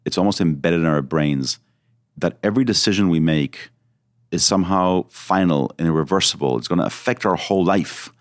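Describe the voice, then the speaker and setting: A man's voice: low-pitched, a little fast, dry recording, clean studio sound. A man talking as a podcast guest, earnest and reflective, explaining ideas with examples. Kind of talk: podcast interview.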